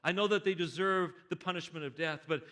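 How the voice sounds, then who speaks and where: A preacher plays a young man who bursts in to plead with his father. He speaks urgently in a bright, raised voice. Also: fairly high pitch, fairly quick. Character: judge's young adult son, urgent and pleading.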